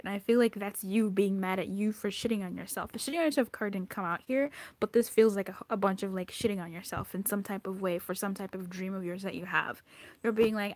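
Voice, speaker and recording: A woman's voice: medium pitch, fairly even intonation, a little fast, darkish tone, no echo. A woman giving an intuitive tarot card reading, blunt and profane, scolding the listener with exasperation. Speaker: tarot reader.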